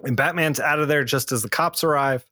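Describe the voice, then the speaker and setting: A man's voice: brisk, bright, forceful tone, no echo, clean studio sound. A man co-hosting a podcast, casually recapping a comic book plot with lots of fillers and restarts. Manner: recaps plots loosely with many fillers and restarts; acts out character lines in a lower voice. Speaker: podcast co-host.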